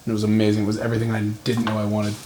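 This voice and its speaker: A man's voice: lowish voice, completely flat delivery, racing, dark tone, a little hiss or hum. A man in his twenties hosting a casual cooking tutorial in his home kitchen, joking, swearing and poking fun at himself as he goes. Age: 20s. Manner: joking, profane, self-mocking. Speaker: cooking vlog host.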